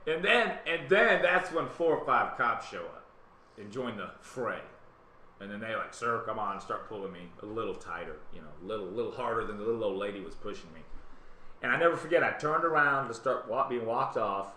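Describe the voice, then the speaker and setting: A man with a Southern US accent hosting a live web talk show, telling a story in a casual, animated way and acting out other people's lines. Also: fairly low pitch, brisk. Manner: animated, acts out quotes in other voices. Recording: roomy webcam stream with faint hiss.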